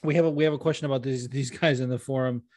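A man's voice: medium pitch, steady tone, rapid-fire, darkish tone, no echo, clean studio sound. Laid-back, profane man chatting. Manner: profane, laughing, breaks into sung bits. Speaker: podcast co-host. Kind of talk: casual chat about fights.

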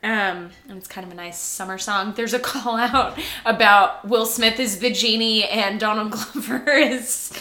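A woman's voice: mid-range voice, unhurried, hardly any pauses, pushed and bright, roomy sound. A woman co-hosting a podcast in casual chat, chatty and giggly with many fillers. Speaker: podcast co-host.

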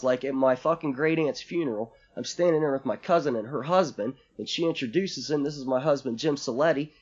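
A man's voice: mid-range voice, slightly rough, dull audio. A man co-hosting a podcast in casual chat, ranting and swearing as he talks. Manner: profane, ranting, animated. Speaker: podcast co-host.

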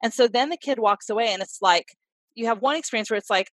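A woman's voice: a little high, fast talker, a bit bright, dry recording, poor audio. A middle-aged woman, a clinician and parenting expert, talks earnestly in a podcast interview and acts out examples as she explains.

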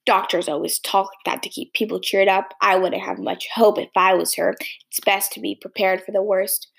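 A woman reading the part of a sour, pessimistic old spinster in an audiobook, with a grim, contemptuous manner and a husky, gravelly voice. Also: medium pitch, steady tone, normal speed. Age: older.

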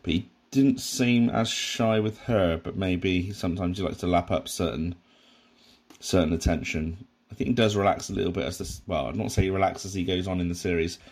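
A man's voice: sits low, fairly quick, a little mellow, breathy edge. A man giving a casual, rambling commentary on a sitcom episode, with frequent restarts and asides. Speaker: podcast host reviewing a sitcom.

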